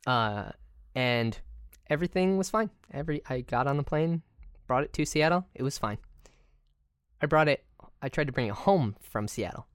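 A woman with a very deep voice and a lively, up-and-down delivery, telling a relaxed story in casual chat. She hesitates with fillers now and then. The sound is dry and close. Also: normal speed, pauses often, smooth, no room sound. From Cleveland.

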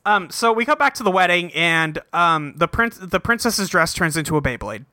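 A man's voice: high voice, very animated, normal speed, crowd noise. A young man hosting a casual podcast, recapping a cartoon episode with a rambling, profane, laughing manner. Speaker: podcast host.

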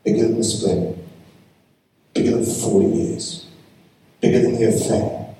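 Pastor preaching in an echoey hall. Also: male voice, lowish voice, steady tone, unhurried, mellow, slight background noise. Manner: storytelling, with emphatic rhetorical questions. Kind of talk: sermon. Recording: echoey hall, mic from far off.

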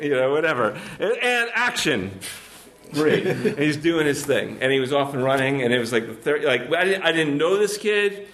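A man's voice: fairly high pitch, big pitch swings, moderate pace, a bit bright. A man hosting a casual chat, talking loosely and swearing offhandedly. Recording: roomy echoey room.

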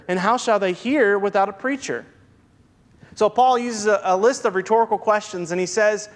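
A man preaching a sermon as a pastor, reading scripture and dropping wry asides. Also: high voice. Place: church sanctuary. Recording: long reverb from a church hall.

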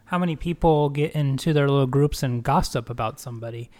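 A man's voice: medium pitch, fairly quick, mellow. A man co-hosting a Bible discussion, talking in a reflective, self-critical way. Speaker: Bible study co-host. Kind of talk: casual discussion.

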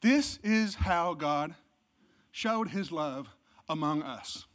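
A pastor preaching a Christmas sermon, swinging from loud, emphatic exclamations to low, hushed delivery. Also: lively intonation, slow pace. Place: church service.

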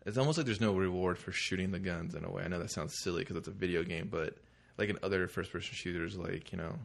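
A man's voice: deep voice, fast, creaky. A man co-hosting a podcast in casual chat, rambling and hesitant with lots of fillers. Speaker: podcast co-host.

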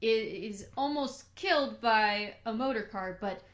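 A woman co-hosting a casual film discussion, chatty and thinking out loud as she talks. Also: on the high side, a little slow. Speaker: podcast co-host.

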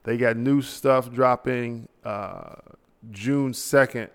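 Tired guy ranting on his podcast late at night, gravelly but smooth, lots of reverb. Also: mid-range voice, slow pace. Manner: casual, ranting, tossing in mock voices. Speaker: podcast host. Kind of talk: solo podcast rant.

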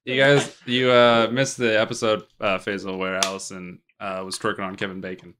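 A man's voice: fairly low pitch, flat delivery, normal speed, noisy background. Dry-humored man in casual chat.

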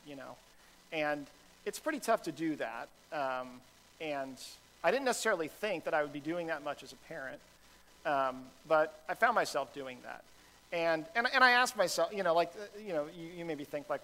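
A man's voice: on the high side, expressive, moderate pace, bright, forceful tone, a little hiss or hum, rough recording. A man, a pastor with a son, preaching a sermon in a conversational, self-deprecating style full of fillers and restarts.

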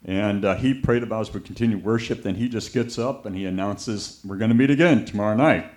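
Here a man delivers a sermon as a story, bringing his anecdotes to life by performing the voices of those he quotes. He speaks on the low side and a little fast.

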